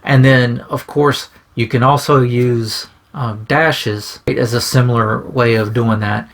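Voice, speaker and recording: Casual songwriter man, gravelly voice, mid pitch, rambling and restarting, keeps asking "right?". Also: a bit bright. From grew up singing bluegrass in churches. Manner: rambling, says "right?" often, restarts phrases. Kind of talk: casual explanatory talk to camera.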